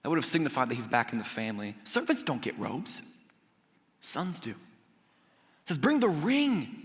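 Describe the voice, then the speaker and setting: Bright-voiced male pastor in a reverberant hall. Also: medium pitch, normal speed. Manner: animated, acts out quoted voices, jokey asides. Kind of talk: sermon with personal storytelling. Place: church auditorium.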